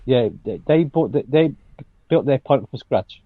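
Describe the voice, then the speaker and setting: A man's voice: medium pitch, animated, no echo. Man, podcast co-host, sweary rants, dry slightly dull recording. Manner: ranting, sweary, halting restarts. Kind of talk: casual banter podcast.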